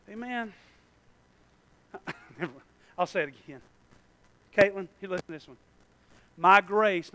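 A pastor preaching a sermon, swinging from soft, mumbled asides to loud, stretched-out cries. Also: male voice, sits high, dry recording.

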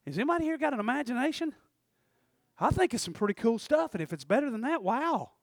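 Man, preacher, high voice, dry sound, shouts at the peaks. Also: big pitch swings, fast, no room sound. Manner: shouts and climbs in pitch at peaks, calls for amens. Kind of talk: sermon.

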